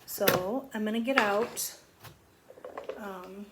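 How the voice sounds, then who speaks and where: Teaching young children remotely, a woman counts slowly with a gentle, encouraging, sing-song delivery. Her voice is mid-range, and there is heavy background noise.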